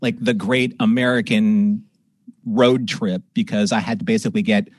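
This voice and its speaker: A man's voice: fairly low pitch, moderate pace, no echo. A man hosting a live podcast from home, chatting casually and telling a story with put-on voices, on a close, dry desk microphone. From Southern California. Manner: animated storyteller, puts on voices in anecdotes. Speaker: podcast host. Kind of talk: casual live-stream chat.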